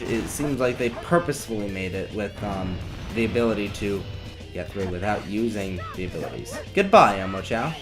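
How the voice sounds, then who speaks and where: A young man talks his way through a video game run, tossing off wry, sarcastic remarks as he plays. His voice sits on the low side. Game music plays clearly under him the whole time. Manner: rambling, wry, sarcastic asides. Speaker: let's play commentator. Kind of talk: casual gameplay commentary. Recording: game music playing behind.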